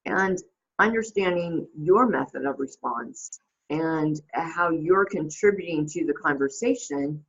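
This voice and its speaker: A woman's voice: sits low, measured pace, husky, dull audio. A woman hosting a casual reflective monologue, rambling with many fillers and restarts. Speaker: host.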